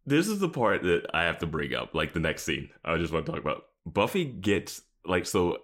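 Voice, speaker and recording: A man with a deep voice co-hosts a podcast in a relaxed, chatty way. His intonation rises and falls widely, and he keeps breaking into amused laughter. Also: moderate pace. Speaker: podcast co-host. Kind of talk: casual chat recapping a TV episode.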